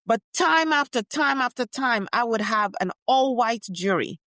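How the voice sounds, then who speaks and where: A woman playing an older female activist who looks back on her prison years in a first-person interview, telling it with emphatic, measured storytelling. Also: fairly high pitch, animated, fairly bright tone, no room sound, studio quality. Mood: impassioned. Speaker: guest portrayed in interview.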